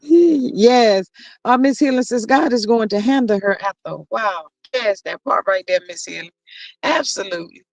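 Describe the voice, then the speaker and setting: A woman's voice: fairly high pitch, animated, moderate pace, no room sound, highs cut off. A woman hosts a casual livestream chat over a video call. She reads viewer comments aloud and agrees with them emphatically. The sound is dry and close, with no room around her. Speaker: host.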